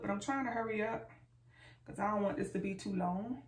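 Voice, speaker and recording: A playful, talkative woman does a casual get-ready-with-me chat, her voice touched with vocal fry. She speaks from across a room at home, so the sound is distant and roomy. A faint hiss sits behind her. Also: medium pitch, a little fast. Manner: chatty and playful, keeps addressing viewers as y'all. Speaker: beauty vlogger. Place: room at home, camera set far back. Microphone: far camera mic.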